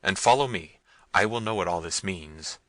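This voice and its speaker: A man voicing a domineering, harsh prince, speaking loudly and with command. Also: low-pitched, moderate pace, no echo, rough recording. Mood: stern. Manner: loud, commanding delivery.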